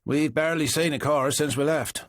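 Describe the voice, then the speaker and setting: A man's voice: a little high, normal speed, dry recording, clean studio sound, voice pushed up, natural voice. A man voicing a nervous, chirpy getaway driver who answers back defensively.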